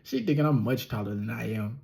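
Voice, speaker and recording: A young man telling a personal story as a relaxed podcast monologue, slightly nasal and often chuckling or trailing off. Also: mid-range voice, fairly quick, creaky. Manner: laid-back, chuckling, trails off with ums. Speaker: podcast host.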